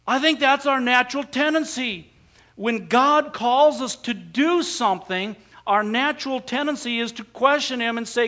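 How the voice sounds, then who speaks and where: A man's voice: very high voice, normal speed, bright, forceful tone, muffled recording. A man preaching a sermon, asking the congregation rhetorical questions and pressing his points with emphasis. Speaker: pastor.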